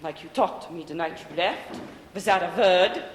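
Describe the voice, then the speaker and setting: A woman's voice: on the low side, moderate pace, natural voice. A woman plays a bitter elderly grandmother with a curt, commanding manner. She sounds guarded and hard. The voice carries across a big, echoing theater with a long hall tail and a faint hiss underneath. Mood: stern. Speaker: stage actor. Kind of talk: live stage play. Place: theater stage.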